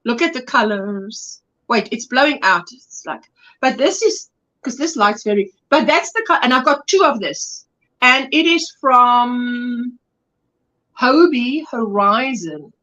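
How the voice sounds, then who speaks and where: Bright, chatty woman host. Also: fairly high pitch, expressive, takes it slowly, muffled recording. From South Africa. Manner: chatty, affectionate, greets viewers by name. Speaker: crochet livestream host. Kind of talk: casual livestream chat.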